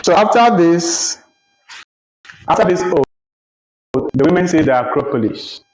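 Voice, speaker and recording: A man teaching a literature lecture, explaining slowly and deliberately, repeating phrases and checking that listeners follow. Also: high voice, animated. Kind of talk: recorded lecture. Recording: roomy, dull lo-fi recording.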